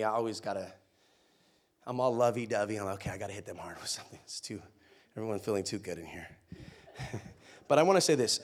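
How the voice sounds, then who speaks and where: A young male pastor preaching in an easy, conversational way. He tells playful stories, rising loud and excited, then drops to a soft, hushed tone. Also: on the low side. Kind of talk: sermon.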